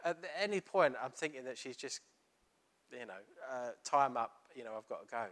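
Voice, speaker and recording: Bright-voiced man preaching. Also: medium pitch, normal speed. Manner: storytelling, animated, retelling dialogue. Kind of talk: sermon with personal story.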